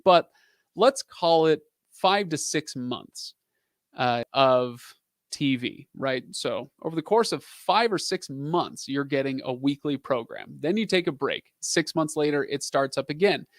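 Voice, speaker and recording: A man's voice: on the high side, dry recording, studio quality. A man in his thirties hosting a casual live stream, answering viewer questions in a rambling, chatty way with lots of fillers.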